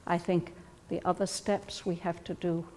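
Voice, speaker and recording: A woman leading a study group, speaking slowly and thoughtfully as she explains ideas to the others. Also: on the low side, flat delivery, long reverb tail, slight background noise. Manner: slow, thoughtful, gently explaining. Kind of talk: reflective group discussion.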